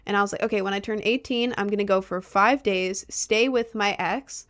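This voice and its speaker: A young woman in casual storytime chat, animated and exasperated, sometimes slipping into mock voices of others. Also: mid-range voice, normal speed. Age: young adult. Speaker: vlogger.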